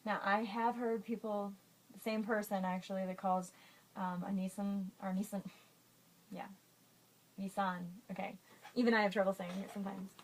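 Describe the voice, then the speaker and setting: A woman's voice: mid-range voice, fairly even intonation, normal speed, long pauses, poor audio. A woman vlogger reading a list of words aloud in a casual, giggly, self-conscious way.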